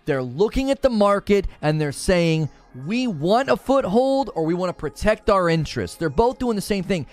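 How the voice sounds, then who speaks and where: A fairly high-voiced male streamer delivers heated gaming commentary. His pitch swings widely as he argues, turning sarcastic and mocking. Soft music plays faintly behind him. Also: normal speed, hardly any pauses. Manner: animated, sarcastic, mocks viewers in put-on voices.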